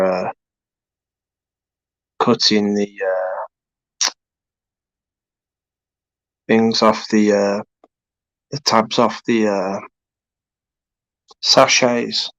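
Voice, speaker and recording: A British man in his forties hosts a casual live stream from his home. He talks slowly, rambling with frequent fillers and restarts. His voice sits close and dry, with no room sound. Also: on the low side, flat delivery, pushed and bright, dry recording, low-quality recording. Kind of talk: casual chat with viewers.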